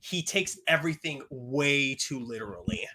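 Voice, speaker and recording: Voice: medium pitch, expressive, moderate pace, bright, forceful tone, slight background noise. A co-host in a casual video chat, playful and opinionated.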